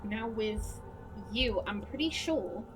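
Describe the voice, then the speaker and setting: A woman's voice: mid-range voice, expressive, slow. A woman hosting a let's play, chatty, frank and joking over game music. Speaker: gaming video host.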